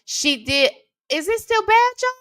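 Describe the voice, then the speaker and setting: A woman's voice: extremely high pitch, big pitch swings, a little slow, fairly bright tone, dry recording, clean studio sound. A woman hosting a casual livestream from home, chatting with her viewers and swearing casually into a desk microphone. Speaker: reaction channel host.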